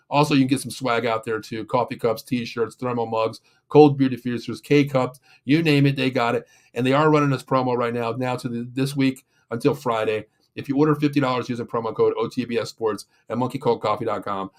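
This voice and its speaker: A man hosts a sports show, ranting loosely and circling back on himself with fillers and false starts. His voice sits at an ordinary middle pitch. He slides from venting into casual sponsor reads. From Pittsburgh area, USA. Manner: frustrated, rambling, with many fillers and restarts.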